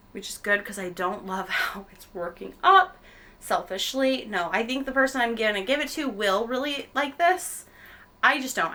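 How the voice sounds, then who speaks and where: She has a fairly high voice that sounds pushed and bright. Raised in America, she hosts a knitting podcast, chatting and rambling with ums and self-corrections as she knits at home, recorded on a camera mic.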